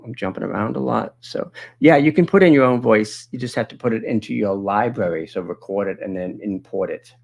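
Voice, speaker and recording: Gravelly low-voiced man walking through a demo. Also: fairly quick, hardly any pauses. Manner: thinking aloud, chatty, answers viewer questions as he goes. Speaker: webinar host demonstrating video software. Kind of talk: casual live software demo.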